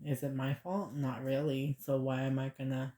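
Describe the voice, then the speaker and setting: A woman giving a casual oracle card reading, chatting in a rambling way and reading affirmations slowly. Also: very deep voice, level tone, mellow.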